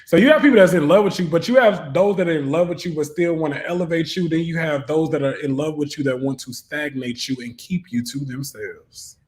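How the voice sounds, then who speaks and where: A man's voice: fairly high pitch, a little fast, few pauses, a little mellow. A man giving an online tarot reading who talks in a preachy, fervent way and often rises into exhortation. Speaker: tarot reader. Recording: roomy echo.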